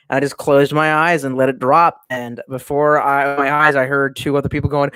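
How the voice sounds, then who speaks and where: A man's voice: fairly high pitch, fairly even intonation, a little fast, hardly any pauses, a bit bright, clean tone, dry recording. Streamer, adult man, loose and profane, talks from home with a dry, close sound. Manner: rambling and profane, with many restarts. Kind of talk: casual livestream chat.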